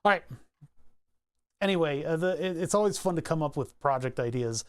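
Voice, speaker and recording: A man's voice: fairly high pitch, expressive, brisk, clean tone. A man with a Philadelphia accent chatting casually on a livestream, rambling through tangents and laughing easily. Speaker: streamer.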